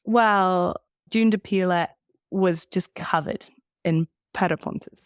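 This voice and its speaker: A woman's voice: fairly low pitch, slow, smooth, no room sound, clean studio sound. A middle-aged woman with a New Zealand accent, chatting easily as a podcast guest and laughing often. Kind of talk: casual travel chat.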